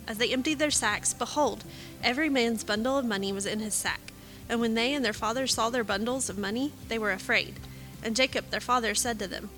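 Woman with a steady scripture-reading voice. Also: a little high, brisk, soft background music. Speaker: scripture reader.

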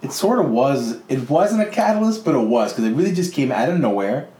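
A man's voice: medium pitch, lively intonation, a little fast, warm tone, reverberant. A man co-hosting a casual chat, laid-back, swearing and restarting his sentences. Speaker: co-host.

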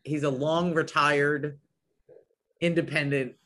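A man's voice: fairly high pitch, fairly even intonation, slow pace, pushed and bright. Enthusiastic man, guest on a podcast. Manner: enthusiastic, trailing off and restarting. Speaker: podcast guest, business owner. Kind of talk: casual podcast conversation.

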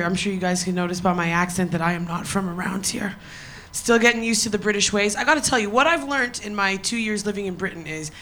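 A woman's voice: mid-range voice, fairly bright tone, slight background noise. A woman comedian performing a punchy, profane stand-up set on a live stage.

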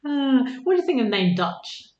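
A woman's voice: high voice, big pitch swings, brisk, darkish tone. A woman co-hosting a podcast, chatting casually and agreeably, trailing off with fillers. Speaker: podcast co-host. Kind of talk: casual chat. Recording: roomy, slightly dull sound.

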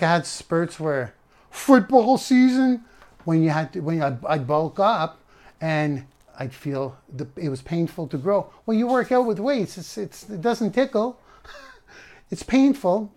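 Animated man rambling in a motivational livestream. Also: fairly high pitch. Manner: animated, emphatic, repeats phrases. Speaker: online business coach hosting a live stream. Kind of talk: rambling motivational live talk.

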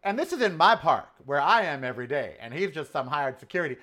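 Sassy, animated man cooking and chatting. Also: fairly high pitch, fast talker. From Southern California. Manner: animated, sassy, emphatic storyteller. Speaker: home cooking vlogger. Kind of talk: casual storytelling while cooking.

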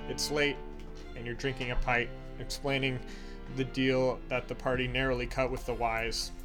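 A man's voice: mid-range voice, level tone, normal speed, over music. A man hosting a tabletop podcast, chatty and upbeat, reading announcements and narrating the game. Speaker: game master and podcast host.

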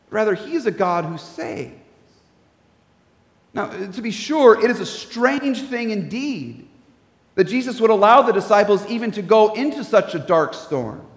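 A man preaching a sermon as pastor, earnest, often restarting his words and dropping into soft asides. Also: on the high side, echoey room, long reverb tail.

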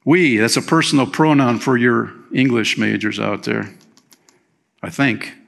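This pastor's sermon moves a little slowly, his medium-pitched voice carrying vocal fry. Full of energy, he shifts between booming emphasis and gentle appeals, peppering the congregation with rhetorical questions.

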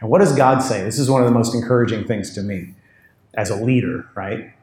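A man's voice: lowish voice, a little fast, a little mellow, roomy sound. A man preaching a sermon, telling the story with animation and voicing the people in the text. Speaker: pastor.

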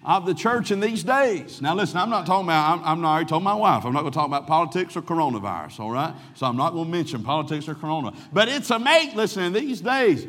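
A middle-aged man preaching a sermon, telling folksy personal stories and swinging from loud to hushed. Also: a little high, racing, hardly any pauses, long reverb tail.

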